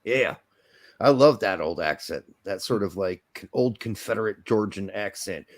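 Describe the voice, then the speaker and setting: A man's voice: lowish voice, a little slow. A young adult man co-hosting a sports podcast, talking casually in a jokey, rambling way. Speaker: podcast co-host.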